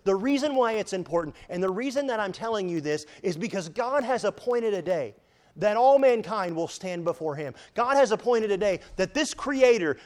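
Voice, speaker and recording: A man preaching a sermon, emphatic, often rising and falling in loudness, quoting scripture in old-fashioned wording. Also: high-pitched. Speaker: pastor.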